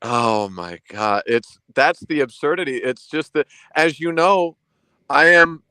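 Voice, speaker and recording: A man's voice: fairly high pitch, a little slow, bright, forceful tone, clear, resonant tone, dry recording. A man with an East Coast American accent, chatting casually as a guest with wry, self-deprecating humor. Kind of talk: casual chat.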